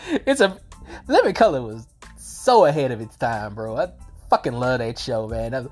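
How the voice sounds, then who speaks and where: A woman with a very low voice and a sore throat reviews a film in a loose, rambling way. She swears casually and trips over her own sentences. Faint music hums behind her. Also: sing-song, moderate pace, a little mellow. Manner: rambling, swears freely, frequent restarts and laughs. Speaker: movie reviewer.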